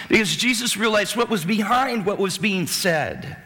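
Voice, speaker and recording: A man preaching a sermon as a pastor, animated, swinging between loud bursts and hushed asides. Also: high-pitched, moderate pace, big-room sound.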